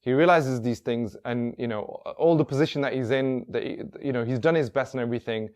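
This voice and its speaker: Guy telling a story, loose and rambly, lots of restarts, middle pitched voice. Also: fairly quick, a little mellow. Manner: rambling, full of "he's like" and restarts. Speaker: workshop speaker. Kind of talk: casual spoken storytelling.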